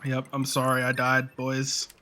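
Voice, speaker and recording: A man co-commentating a live game stream in a joking, drawn-out way. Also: mid-range voice, monotone, music in the background. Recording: noisy background.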